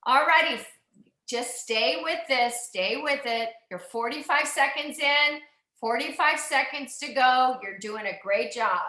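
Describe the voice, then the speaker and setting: A woman's voice: sits high, bright, forceful tone. A woman coaching an indoor cycling class, upbeat and encouraging, calling out numbers and cheering riders on. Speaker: cycling instructor. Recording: echoey room.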